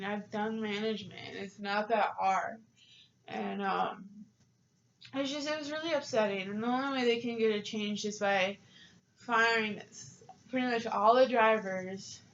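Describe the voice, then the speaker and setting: A woman's voice: medium pitch, a bit bright, muffled recording. A young woman ranting to camera about her job, frustrated and swearing, with many filler ums. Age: young adult. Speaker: vlogger. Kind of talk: casual rant to camera.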